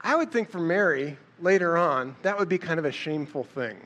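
A man's voice: fairly high pitch, lively intonation, brisk, a bit bright. Conversational man preaching a casual sermon. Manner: conversational, storytelling, acts out quotes with a raised voice.

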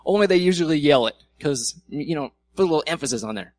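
A man's voice: a little high, a little fast. A man preaching a sermon in a church in a conversational way, acting out quoted arguments with humor. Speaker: pastor.

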